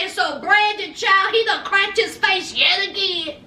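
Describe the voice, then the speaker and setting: A woman's voice: very high voice, a little slow, sharp tone, distant mic. A woman hosting a casual, sassy reality TV recap, acting out quotes and calling listeners honey and child. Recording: echoey room, off mic.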